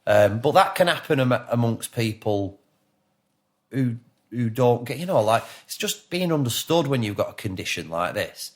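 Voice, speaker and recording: A man in his thirties from England, with a Lancashire accent, is a guest on a podcast interview, rambling, swearing, and restarting his sentences often. His medium-pitched voice is expressive and moves at a moderate pace.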